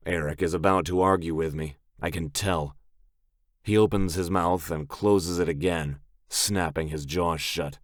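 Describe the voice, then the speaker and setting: A man's voice: sits low, fairly even intonation, a little slow, no room sound, clean studio sound. A man narrating a romance audiobook in first person, in a gritty, blunt way.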